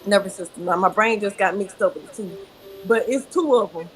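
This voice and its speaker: A woman yoga teacher giving calm, guiding breathing instructions in an interview over a video call. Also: mid-range voice, fairly quick, faint music behind. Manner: calm, guiding, soft-spoken.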